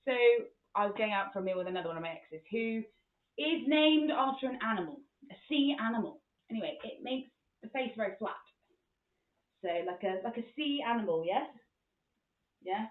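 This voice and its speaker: A podcast host delivers a comic storytelling monologue, frank and sweary, retelling events with animation. Her voice is fairly high and her speed normal. The recording sounds echoey and tinny, like a phone.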